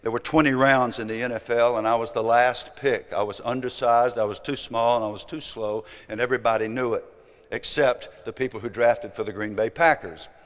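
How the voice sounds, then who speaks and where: Older man, Southern accent, emphatic storyteller, loud then hushed, echo of a big hall. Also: medium pitch, steady tone, brisk. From American South. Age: 70s. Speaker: speaker. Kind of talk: motivational storytelling talk. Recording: long hall reverb.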